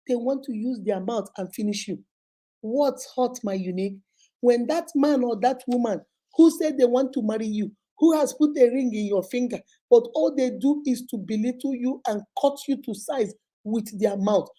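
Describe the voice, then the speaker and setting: A woman with a Nigerian accent gives emphatic, repetitive relationship advice to her viewers as a motivational talk. Her voice is on the high side, mellow and moderately paced.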